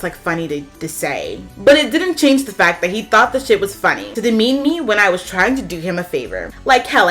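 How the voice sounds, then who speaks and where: A woman reading online posts aloud and reacting to them, with animated, sassy outbursts and big jumps in pitch. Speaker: YouTuber.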